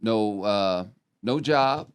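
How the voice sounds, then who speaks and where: A man's voice: on the low side, animated, very slow, clean tone. An older man, a podcast guest and retired probation officer, telling rambling, profane stories in casual chat. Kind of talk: casual storytelling.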